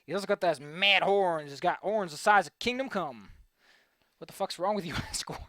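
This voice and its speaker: A man's voice: sits high, animated, normal speed, pushed and bright, dry recording. A young man rambling goofily as he draws on a stream, repeating words playfully and joking to himself. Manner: goofy, rambling, playful repetition. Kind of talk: casual commentary while drawing.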